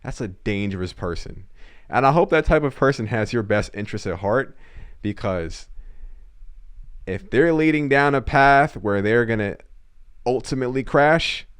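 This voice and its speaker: A man's voice: mid-range voice, animated, normal speed, clean tone, dry recording, studio quality. A man giving casual reaction commentary on an album as a YouTuber, slangy and earnest, often speaking straight to the artist.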